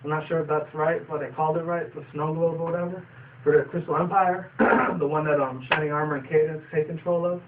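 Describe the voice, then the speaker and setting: A man's voice: a little high, fairly even intonation, fairly quick. A young man casually reviewing a cartoon episode, rambling with fillers and casual swearing. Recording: distant tinny phone-like sound, faint noise.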